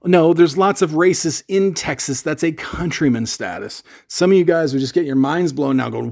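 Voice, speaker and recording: A man's voice: on the high side, normal speed, vocal fry, darkish tone. A man from Canada telling a rambling, chatty story to camera about shipping his gear. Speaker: gear vlogger.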